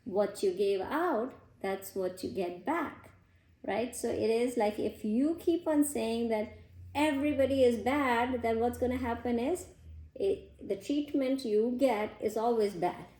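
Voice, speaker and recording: A woman teaching a children's class, telling a moral story in simple words with gentle restarts. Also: on the high side, measured pace, roomy sound.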